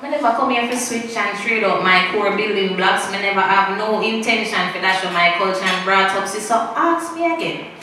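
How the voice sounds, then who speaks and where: A woman with a Jamaican Patois accent performs spoken-word poetry at an open mic, theatrical and swinging between loud bursts and hushed asides, slowing right down to stress her lines. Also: medium pitch. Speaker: performance poet. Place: open-mic stage in an echoing room. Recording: very echoey room, distant mic, faint noise.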